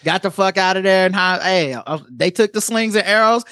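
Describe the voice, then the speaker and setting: A woman co-hosting a podcast in casual chat from the United States, loud, profane and joking. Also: medium pitch, lively intonation, normal speed, no echo, studio quality. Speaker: podcast co-host.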